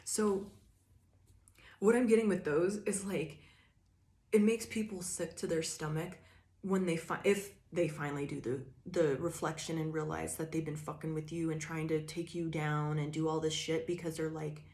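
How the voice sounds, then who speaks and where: A woman's voice: sits low, fairly even intonation, moderate pace, darkish tone. A woman giving a casual, profanity-laced tarot reading to her viewers, drawling and loose with fillers. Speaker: tarot reader.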